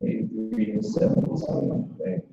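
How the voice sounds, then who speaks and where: A man's voice: little pitch movement, normal speed, creaky, warm tone, a little hiss or hum. Casual man teaching over an echoey call. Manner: loose, conversational, repeats "boom" and restarts often. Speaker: class teacher. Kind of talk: informal online language class. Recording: echoey, dull online call audio.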